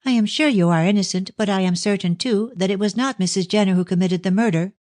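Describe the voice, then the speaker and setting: A man's voice: high voice, fast talker, darkish tone, no room sound, voice pushed up, natural voice. A frightened young daughter, tearful and pleading, her voice lifted well above her reader's own, as a man voices her. She sounds close and dry, like a storybook recording. She sounds breathless with worry. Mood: passionate. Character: anxious tearful young woman, a devoted daughter. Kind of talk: audiobook character reading.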